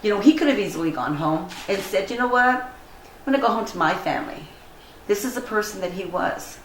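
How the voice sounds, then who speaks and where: An older woman telling a personal story in an interview, earnest and animated, acting out the dialogue she quotes. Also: medium pitch, brisk. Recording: roomy echo, faint ambient noise.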